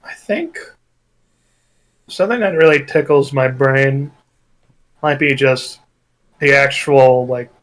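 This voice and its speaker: A man's voice: medium pitch, slow pace, long pauses, low-quality recording. A man who is a guest in a casual podcast chat, talking reflectively and searching for his words. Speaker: guest author.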